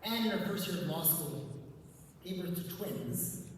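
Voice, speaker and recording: A man, a rabbi, giving a conference talk to a live audience and telling a story with gentle humor. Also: high voice, animated, a little slow, slight background noise. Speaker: rabbi and speaker on couples. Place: large event hall. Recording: echoey hall, distant mic.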